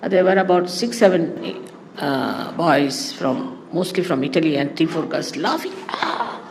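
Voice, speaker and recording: A woman's voice: low-pitched, lively intonation, normal speed. A woman speaks as a spiritual teacher addressing her followers. She tells stories and wanders off into asides along the way. Her voice rings through a large reverberant hall over a faint hum of background noise. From India. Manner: anecdotal, digressive storytelling with asides. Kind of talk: spoken talk to followers.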